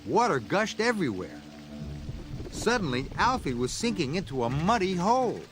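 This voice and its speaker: A man narrating a children's story aloud in a slow, read-aloud manner. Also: sits high, sing-song. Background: background music.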